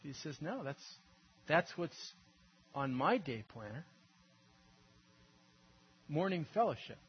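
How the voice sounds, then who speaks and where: A man preaching a sermon in an earnest, conversational way, dropping to a hush and then rising to emphatic peaks. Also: a little high, very animated, takes it slowly, husky, lo-fi sound. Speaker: pastor.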